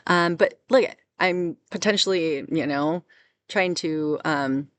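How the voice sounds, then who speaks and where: A woman recounting a personal experience as an unscripted testimony, halting and full of restarts. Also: sits low, no room sound. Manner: halting, with many restarts and fillers. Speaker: survivor telling her story. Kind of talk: personal testimony, casual storytelling.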